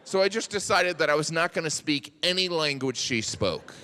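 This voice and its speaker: A middle-aged man doing stand-up comedy on stage, with a deadpan delivery and mock-incredulous asides. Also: a little high, moderate pace. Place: large theater stage with a laughing audience. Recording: live hall reverb, loud audience noise.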